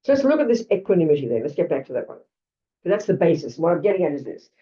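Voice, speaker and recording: Older australian woman teaching, lowish pitch, blunt, chatty asides, dull far-off mic. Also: very animated, quick pace, dark tone. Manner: blunt, conversational, frequent asides. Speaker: Buddhist teacher. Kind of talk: dharma talk. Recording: lo-fi, distant mic.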